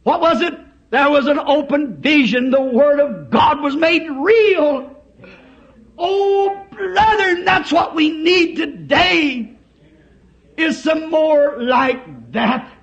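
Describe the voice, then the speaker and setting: Impassioned high-voiced revival preacher, lo-fi tape. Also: male voice, lively intonation, slow pace. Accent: Southern United States. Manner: impassioned, swings from shouting to hushed. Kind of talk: old-time revival sermon. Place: church service. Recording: dull lo-fi sermon tape.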